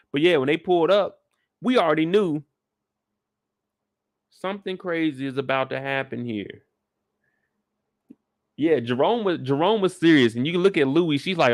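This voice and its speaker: A man's voice: fairly high pitch, normal speed, long pauses, no echo, clean studio sound. A man hosting a casual live recap of a TV episode, talking in a laid-back, slangy way with joking asides. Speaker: show recap host.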